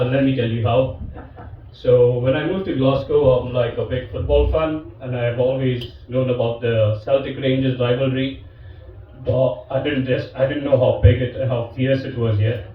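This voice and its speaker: A man telling stand-up stories in an easygoing, self-mocking way, picked up from far off in a very echoey live room. The sound is a bit dull and muffled, with faint background noise and audience laughter. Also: mid-range voice. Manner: laid-back, self-deprecating with frequent fillers. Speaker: stand-up comedian. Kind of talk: stand-up storytelling.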